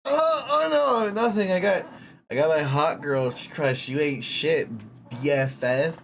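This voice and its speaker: A streamer chatting casually with their chat while drawing, teasing viewers and breaking into sudden high squeaks. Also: expressive, a little slow, creaky, soft background music.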